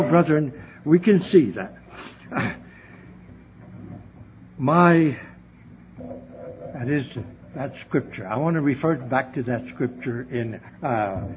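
A man preaching a heartfelt sermon to his congregation, often calling out to them as brethren. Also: mid-range voice. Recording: dull, lo-fi recording with faint hiss.

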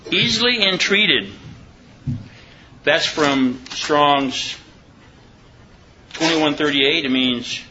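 A man's voice: fairly high pitch, bright, forceful tone, lo-fi sound, a little hiss or hum. Conversational man preaching a Bible study. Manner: conversational, asks the listeners questions; reads scripture slowly and deliberately. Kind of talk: informal Bible study sermon.

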